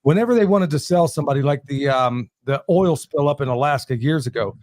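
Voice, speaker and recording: An American man hosts the interview and asks rambling, jokey questions. His voice sits a little high for a man, and the sound is dry and close. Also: brisk, a little mellow, dry recording. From United States. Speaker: host. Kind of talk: casual interview chat.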